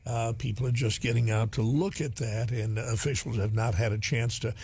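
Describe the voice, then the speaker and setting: A man co-hosting live storm coverage, giving updates in a measured, informative way. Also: mid-range voice, steady tone, a little mellow, husky. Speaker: broadcast co-host.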